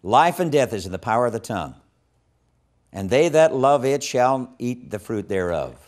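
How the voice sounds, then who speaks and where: A man teaching a session on evangelism in a sermon style, telling a story with strong emphasis and dropping to hushed tones when quoting. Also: medium pitch, very animated, moderate pace. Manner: impassioned, swings from loud emphasis to hushed quoting.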